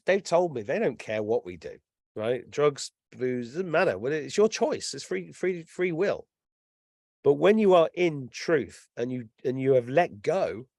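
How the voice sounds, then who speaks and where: An English man in his fifties, telling stories in a casual chat as a guest, animated and swearing freely. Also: fairly high pitch, no echo, studio quality. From England. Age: 50s. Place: lives in Ireland.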